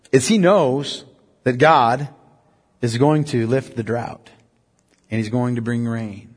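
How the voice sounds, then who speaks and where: A man preaching an expository sermon. He reads scripture slowly and solemnly, then explains it conversationally, asking the listeners rhetorical questions. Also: medium pitch, a little mellow, husky. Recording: long reverb of a large hall.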